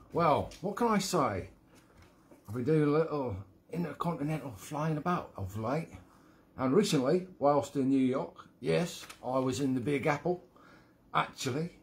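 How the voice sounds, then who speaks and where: A man's voice: mid-range voice, slight background noise, lightly acted. Cheeky Cockney joker, as a man puts him on. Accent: attempted London Cockney, slipping toward Australian. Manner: exaggerated, bouncy joke delivery. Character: cheeky brash male London comic joker.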